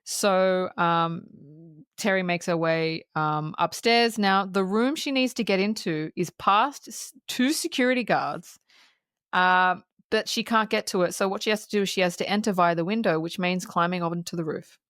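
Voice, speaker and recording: A woman's voice: on the low side, normal speed, a bit bright, smooth, dry recording, clean studio sound. A woman on a podcast, retelling a film plot in casual chat, swearing freely and acting out the characters' lines. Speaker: podcast co-host.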